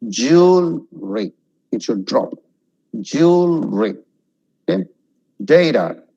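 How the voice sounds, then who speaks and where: A man with a Kerala English accent, slowly drilling word pronunciations one by one in an online class. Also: medium pitch, darkish tone, low-quality recording. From Kerala, India. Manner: slow, deliberate word-by-word drilling, repeating each word. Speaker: pronunciation trainer.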